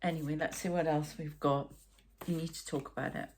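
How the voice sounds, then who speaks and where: Geordie woman, tarot reader, rambling chatty delivery, slightly low voice. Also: steady tone, brisk, slight background noise. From North East England. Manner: rambling, chatty, with asides and sighs. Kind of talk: casual psychic reading monologue.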